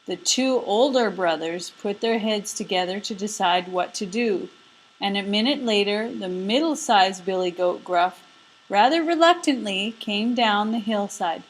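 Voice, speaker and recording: A woman narrating a folk tale in an expressive storybook reading. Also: medium pitch, measured pace, rough recording.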